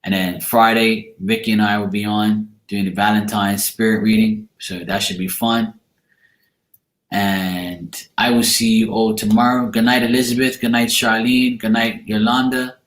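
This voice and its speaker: A man's voice: lowish voice, little pitch movement, moderate pace, fairly bright tone. A man, a tarot card reader, chatting casually with viewers on a live stream at the end of a tiring day, blunt and joking and swearing freely. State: tired at end of long day. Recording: roomy echo.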